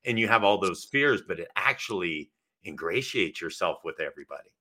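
A man hosting a podcast interview, talking in an animated, casual way with frequent restarts. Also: low voice, a little fast. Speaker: podcast host.

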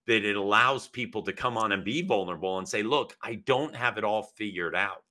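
Guy hosting a podcast, bright voice, gets really animated and restarts a lot. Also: fairly low pitch, fairly quick. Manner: animated, frequent restarts and acted-out quotes. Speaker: podcast host. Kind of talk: casual interview chat.

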